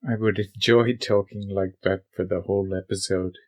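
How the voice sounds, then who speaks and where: A man hosting a workshop video, giving scripted narration with dry, deadpan humor. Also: low-pitched, moderate pace, few pauses.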